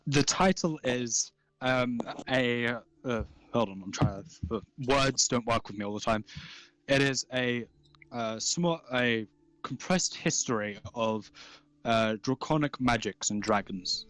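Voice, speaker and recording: A man narrating as game master in a casual, halting way with many fillers. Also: medium pitch, fairly bright tone, no echo.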